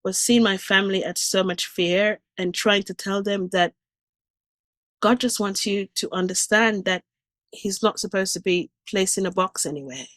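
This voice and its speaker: Speaking at a moderate pace in a medium-pitched, slightly bright voice with no echo, a woman guest gives an emotional testimony of her near-death experience. She tells it vividly, with sentences restarting as her emotions surge.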